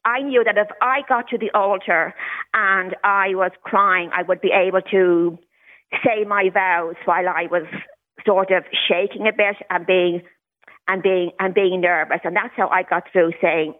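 A woman's voice: mid-range voice, steady tone, unhurried. A woman, a caller on a radio phone-in, talking candidly with occasional stuttered repetitions. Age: 60s. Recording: tinny phone line.

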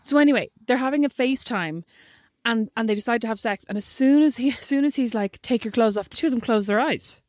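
A woman's voice: fairly high pitch, animated, fast talker, a little mellow, no echo, clean studio sound. A woman co-hosting a podcast, chatting casually in a blunt, teasing way. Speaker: podcast co-host. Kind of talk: casual chat.

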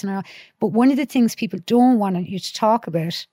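In a casual podcast chat, a youth worker with a Dublin accent spins lively stories, acting out quotes and swearing bluntly. Her medium-pitched voice is brisk, captured in a dry, clean studio recording.

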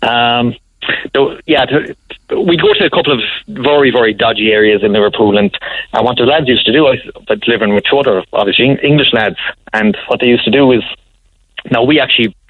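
An Irish man in his thirties spins a loose, rambling anecdote as a radio caller, laughing between phrases and tripping over restarts. His voice sits at an ordinary middle pitch. It is recorded close and dry, with almost no room sound. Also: brisk, dry recording, narrow, tinny audio. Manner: rambling, chuckling anecdote teller with many restarts. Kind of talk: casual phone-in storytelling.

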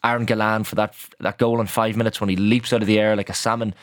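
Man, Irish accent, young adult, sports guest on radio, rapid, lowish voice, repeats words. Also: flat delivery, no echo, studio quality. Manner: quick, chatty, repeats words as he goes. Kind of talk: casual radio sports chat.

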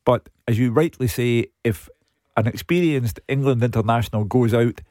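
A man's voice: medium pitch, normal speed, warm tone, no echo, clean studio sound. A man with a Scottish accent speaking as a football pundit on the radio, blunt and firm in his opinions.

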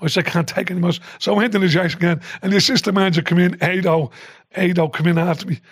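Guest: older Irish man, high-pitched and animated, sweary storyteller, dry close mic. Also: fast, husky, no room sound. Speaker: podcast guest, former football manager. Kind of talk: casual storytelling chat.

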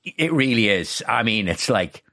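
A man, a travel journalist chatting on radio, telling lively stories with lots of restarts and asides. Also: lowish voice, measured pace. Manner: enthusiastic storyteller, chatty with many restarts. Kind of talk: casual radio chat.

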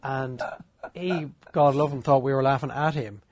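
A man's voice: mid-range voice, normal speed, a little mellow. A young Irish man, a radio co-host, telling a story in an easygoing, colourful way. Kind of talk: casual chat.

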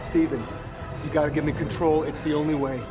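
A man's voice: a little high, flat delivery, fairly quick, close to an everyday voice. An actor playing a man's urgent, commanding alter ego in a film clip. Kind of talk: film acting. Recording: film clip under loud music.

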